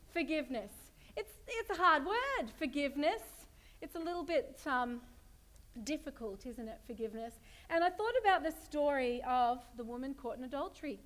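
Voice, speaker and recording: A woman preaching a sermon in a chatty storytelling way, often laughing as she tells a family story. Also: sits high.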